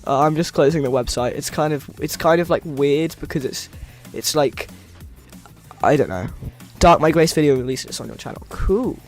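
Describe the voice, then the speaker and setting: A man's voice: on the high side, moderate pace. Rambling young male streamer. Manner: rambling, hesitant, lots of fillers and restarts. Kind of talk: casual live-stream chat. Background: faint background music.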